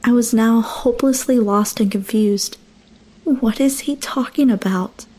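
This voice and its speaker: A young woman telling a first-person horror story, her voice a bit high yet mellow and soft-edged. She narrates with dramatic, emotional intensity, letting the dread build line by line. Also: a little slow.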